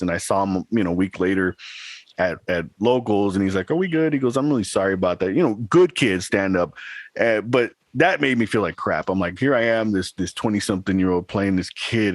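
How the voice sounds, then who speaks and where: A man's voice: deep voice, no room sound. A man in his thirties, a podcast co-host, chatting casually and telling a rambling story with laughs. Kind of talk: casual chat.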